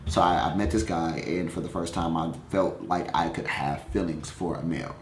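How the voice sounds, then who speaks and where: Young male musician, low voice, frank and swearing, loose animated storytelling; echoey room. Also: normal speed. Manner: candid, profane, animated storytelling. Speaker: musician answering fan questions. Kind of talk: casual storytelling vlog. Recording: echoey room, faint noise.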